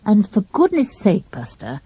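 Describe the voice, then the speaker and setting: A self-assured schoolboy detective who can't resist boasting a little, voiced by a woman reading an audiobook. The tone is mellow with a soft husk and plenty of pitch movement. The recording is close and dry. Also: wildly swooping pitch, measured pace, breathy edge, no echo, exaggerated voice. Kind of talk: audiobook character voice.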